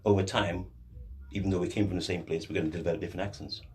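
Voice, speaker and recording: A low-pitched man guests on a radio talk show as a lecturer on African history, explaining ideas patiently through examples, like a teacher. He talks very fast with fairly even intonation and a slightly mellow tone, sitting a bit distant from the studio mic amid faint hiss or hum.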